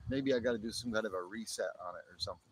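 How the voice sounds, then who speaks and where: A man's voice: lowish voice, rapid-fire, noisy background. A man from the northern United States near the Canadian border, rambling casually on his live stream and chuckling as he talks. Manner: rambling, chuckles often, restarts sentences. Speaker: livestream host.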